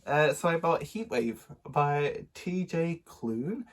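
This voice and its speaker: Stuffed up and nasal from a cold, a man talks through his book haul in a casual vlog, wandering off on tangents with many ums and small laughs. He speaks slowly with lively intonation, in a voice that runs a little high.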